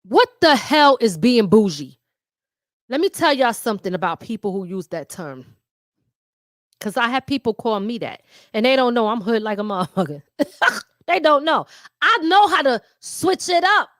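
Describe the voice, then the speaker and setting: A middle-aged woman with a blend of Philadelphia and New York accent talks straight to her viewers in a blunt, slangy monologue, laughing often. Her voice sits high and swoops widely in pitch. The sound is close and dry. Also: big pitch swings, normal speed, fairly bright tone, no room sound. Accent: mix of Philadelphia and New York. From Philadelphia, USA. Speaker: talk show host.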